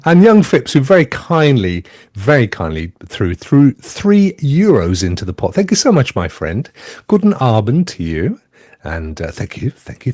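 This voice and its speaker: A man's voice: fairly low pitch, a little mellow, no echo, clean studio sound. A man hosting a casual gaming livestream, jokey and chatty, thanking viewers by name. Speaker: host.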